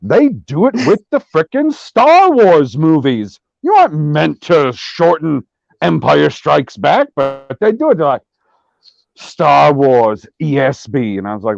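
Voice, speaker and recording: A man's voice: fairly high pitch, very animated, unhurried, vocal fry, dry recording, lo-fi sound. A man co-hosting a casual podcast, exasperated and incredulous, cursing freely. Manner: swears a lot, exasperated, incredulous.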